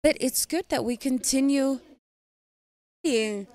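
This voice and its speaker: A woman takes up the sermon in a slightly higher voice, speaking slowly and exhorting her listeners in a measured way. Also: a little mellow.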